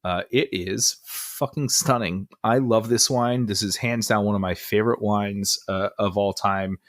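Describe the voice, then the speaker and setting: Low-voiced man chatting casually on a podcast. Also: a little slow. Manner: relaxed, rambling, lots of fillers. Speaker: podcast co-host. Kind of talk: casual chat.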